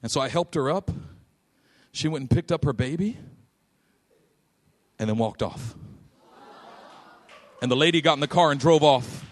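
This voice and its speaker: A man preaching a sermon, telling a personal story and acting out its voices, dropping soft and low in quiet moments and shouting at the peaks. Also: normal speed, long pauses.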